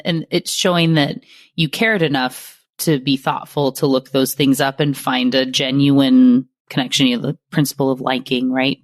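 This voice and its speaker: A woman's voice: sits low, no room sound, clean studio sound. Chatty woman hosting a podcast. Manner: chatty, thinks aloud with fillers. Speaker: podcast host. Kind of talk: casual podcast interview.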